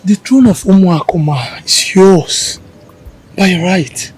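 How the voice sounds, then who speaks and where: An actor playing a worried young man deeply in love in a film drama. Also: lively intonation, slow pace, darkish tone, soft background music, rough recording. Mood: fearful. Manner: worried, pleading.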